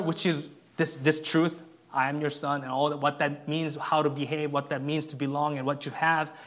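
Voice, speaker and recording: A male pastor preaching a sermon in an earnest way, dropping to a hush and then rising to emphatic peaks. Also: on the high side, steady tone, brisk. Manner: earnest, swings from hushed to emphatic.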